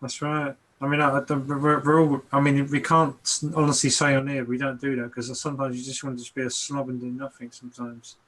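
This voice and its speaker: A man's voice: mid-range voice, level tone, a little fast, few pauses, fairly bright tone. A man chatting casually as a guest, easygoing but hesitant, often repeating words as he searches for them. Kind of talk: casual online chat.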